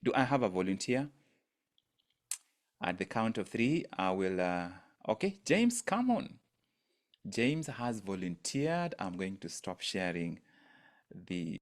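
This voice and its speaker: A man's voice: fairly low pitch, very animated, takes it slowly, long pauses. A man coaching an online mindset workshop, speaking emphatically and repeating phrases for effect. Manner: emphatic, repeats phrases for effect, rises sharply on quoted lines. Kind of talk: teaching talk. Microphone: video call.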